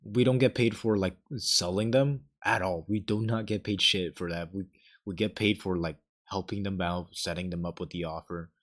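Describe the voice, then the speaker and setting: A man's voice: low voice, steady tone, moderate pace, a bit bright. A young man chatting casually as a podcast co-host, telling rambling stories full of swearing and acted-out quotes. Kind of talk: casual chat.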